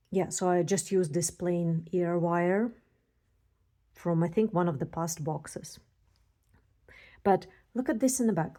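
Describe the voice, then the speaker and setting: A woman showing a beading kit and demonstrating earrings, gushing excitedly with scattered thoughts. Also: medium pitch. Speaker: beading designer and tutor. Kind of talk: casual unboxing and how-to demo.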